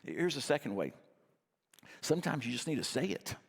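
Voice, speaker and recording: A middle-aged pastor delivers a sermon in a relaxed, storytelling way, poking fun at himself. His voice has a gravelly, creaky edge, and it rings with the long reverb of a large church hall. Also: mid-range voice, normal speed. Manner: conversational storytelling, self-deprecating.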